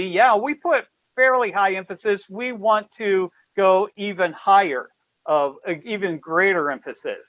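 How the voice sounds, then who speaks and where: Male webinar presenter, high-ish voice, explanatory, lo-fi call audio. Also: no room sound. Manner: explanatory, directs slide changes. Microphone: video call. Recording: dull lo-fi web call audio.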